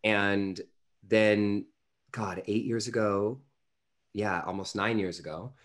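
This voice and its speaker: A man's voice: fairly low pitch, steady tone, takes it slowly. A man in his thirties, an interview guest telling a personal story earnestly, with lots of fillers. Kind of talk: storytelling in conversation.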